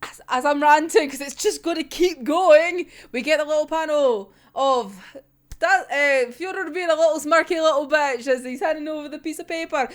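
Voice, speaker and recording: A woman's voice: high voice, moderate pace. A young woman in a casual, profane reaction rant, exasperated and breaking into laughter. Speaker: manga reviewer.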